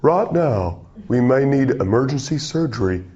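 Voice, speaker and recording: A man voicing an unseen male TV shopping announcer who calls out in a loud, drawn-out pitchman voice. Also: expressive, close to an everyday voice. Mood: booming. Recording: dull, lo-fi recording.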